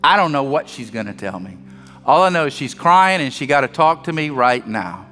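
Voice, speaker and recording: Bright-voiced pastor preaching in a big hall. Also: male voice, medium pitch, sing-song, normal speed, soft background music. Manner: storytelling, acts out dialogue, joking asides. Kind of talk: sermon.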